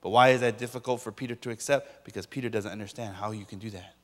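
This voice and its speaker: A man's voice: fairly low pitch, fairly even intonation, fast talker, fairly bright tone, big-room sound. A man preaching a sermon as a pastor, emphatically questioning his listeners and repeating key points.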